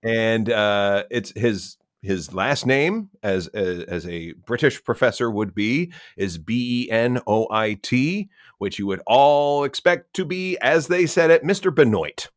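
A man co-hosting a casual chat, dropping deadpan wisecracks. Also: medium pitch, a little slow, few pauses, dry recording, clean studio sound. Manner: deadpan wisecracks, lively intonation. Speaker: podcast co-host.

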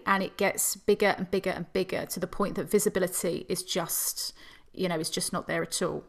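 A woman's voice: lowish voice, steady tone, brisk, faint music behind. A woman tour guide, telling a history story in casual chat and breaking into giggles.

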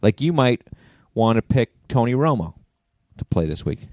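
A man co-hosting a podcast, joking around in relaxed, playful banter with his co-host. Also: medium pitch, normal speed, dry recording. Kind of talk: casual chat.

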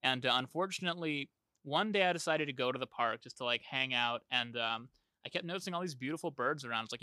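A man's voice: medium pitch, quick pace, pushed and bright, no room sound, studio quality. A young man hosting a podcast, rambling in a laid-back way and laughing easily as he chats. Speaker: podcast host. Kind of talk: casual chat.

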